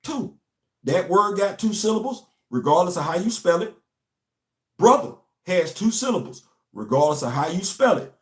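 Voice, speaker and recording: A man's voice: high voice, expressive, normal speed, fairly bright tone. A young man from the United States hosting an impassioned monologue, emphatic and preachy, repeating his key lines. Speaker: host. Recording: echoey room.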